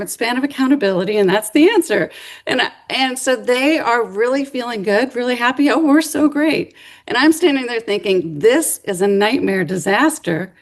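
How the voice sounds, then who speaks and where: A middle-aged woman giving a lecture, telling a story in a lively way and acting out the voices of people she quotes. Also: medium pitch. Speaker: speaker. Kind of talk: university lecture.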